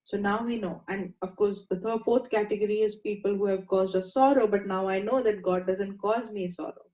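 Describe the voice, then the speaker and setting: Gentle woman teaching meditation. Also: mid-range voice, fairly even intonation, moderate pace. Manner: gentle, coaxing, asks the class questions. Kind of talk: spiritual class talk. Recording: dull lo-fi sound in an echoey room.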